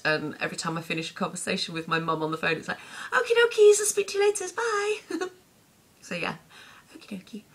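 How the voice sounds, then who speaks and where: Chatty woman doing a tag vlog, low voice but bright and crisp. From Lincolnshire, England. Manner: chatty, upbeat, quick to laugh. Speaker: vlogger answering tag questions. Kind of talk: casual chat to camera.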